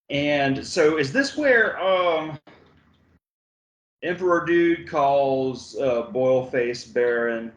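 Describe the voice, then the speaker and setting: Slow-talking co-host in a roomy echo. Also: male voice, medium pitch. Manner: halting, full of fillers, acts out characters in mock voices. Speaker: podcast co-host. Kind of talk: casual film review chat.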